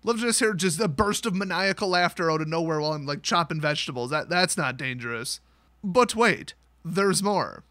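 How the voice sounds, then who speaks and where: A man's voice: a little high, animated, a little fast, sharp tone, no echo. A man hosting a comedic news rant, sarcastic, often laughing and acting out quotes. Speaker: host.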